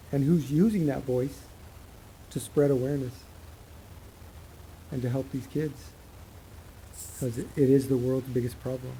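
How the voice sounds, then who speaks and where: A man's voice: medium pitch, dark tone, slight background noise, poor audio. A man giving a casual, impassioned opinion monologue, rambling and emphatic as he makes his points. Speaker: commentary channel host.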